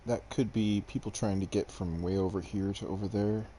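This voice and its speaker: A man's voice: on the low side, steady tone, moderate pace, mellow, slight background noise. A young man streaming gameplay to a desk mic, chatting casually with viewers in a rambling, self-deprecating way. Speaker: game streamer. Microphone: desk microphone.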